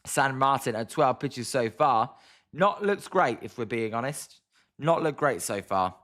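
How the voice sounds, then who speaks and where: British male streamer, excitable play-by-play, mid-range voice, grumbles at his team, chats with viewers. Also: mid-range voice, unhurried. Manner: exasperated, chatty, reads viewer comments aloud. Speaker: live-stream sports commentator. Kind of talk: casual play-by-play watch-along.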